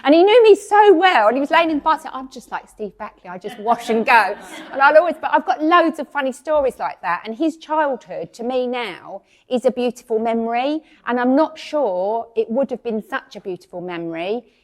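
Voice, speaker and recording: A woman's voice: high voice, lively intonation, brisk. A woman in her fifties from England giving a chatty, self-deprecating speech to an audience, laughing often as she talks. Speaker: event speaker.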